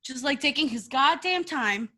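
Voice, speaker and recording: A playful woman co-hosting a podcast in casual chat. Her voice sits high and swoops up and down, and it sounds bright. She swears and gushes freely. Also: animated, moderate pace. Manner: playful, swearing, gushing, laughs often. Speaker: podcast co-host.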